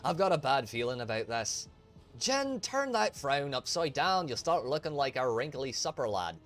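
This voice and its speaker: A man voicing a rough crew of bickering male smugglers who end up shouting in panic, full of rough slang. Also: medium pitch, very animated, normal speed, faint music behind, voice pushed up.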